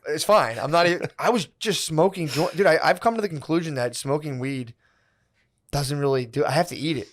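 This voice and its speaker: Laid-back hoarse man swapping stories. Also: fairly high pitch, brisk. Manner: laid-back storyteller, says "dude" a lot. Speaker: podcast co-host. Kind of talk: casual chat.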